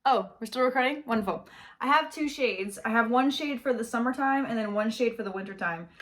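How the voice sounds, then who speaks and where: Young woman vlogger, casual bedroom makeup chat. Talkative, high energy, slangy, and a bit high-pitched. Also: brisk, fairly bright tone. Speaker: beauty vlogger. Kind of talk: casual get-ready-with-me chat. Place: her bedroom.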